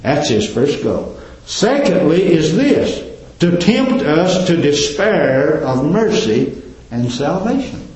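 A male preacher delivering a fervent sermon, climbing loud and then dropping to a hush. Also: very animated, slow. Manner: fervent, swinging between loud climbs and low hushed drops. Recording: very echoey, dull lo-fi church recording.

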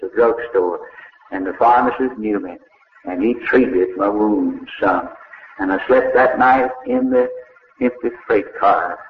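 An older preacher tells a story slowly and dramatically, voicing its people in turn. His voice sits a little low. The old recording is echoey and thin, as though heard over a phone line. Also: slight background noise. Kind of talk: sermon storytelling.

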